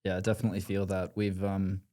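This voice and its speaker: A man's voice: low-pitched, completely flat delivery, fast, mellow. A man, hosting a podcast and telling a story in casual talk, acting out the voices he quotes. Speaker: podcast host.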